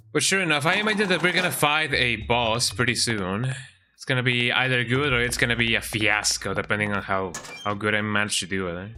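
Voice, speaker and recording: A man's voice: fairly low pitch, sharp tone, slight background noise. A man streaming a game, chatting casually, often ending sentences with "eh?" and talking to his cat. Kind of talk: casual gameplay commentary.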